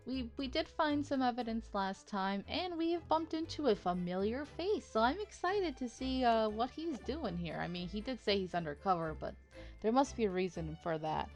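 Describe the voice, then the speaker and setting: A young woman hosts a let's play, talking through a story game in casual, excitable commentary. Her voice sits a little high. Faint background music plays under her. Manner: expressive, excitable, self-mocking.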